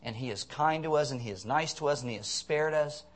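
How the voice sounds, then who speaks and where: A man's voice: on the high side, a little fast. A man preaching a conversational sermon, earnest with blunt, sarcastic asides.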